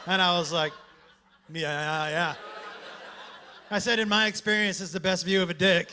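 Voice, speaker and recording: A man performing a stand-up comedy set, telling a story in a brash, loud way with shouted bursts, on a handheld mic at a comedy club. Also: sits high, steady tone, moderate pace, long pauses, slight background noise.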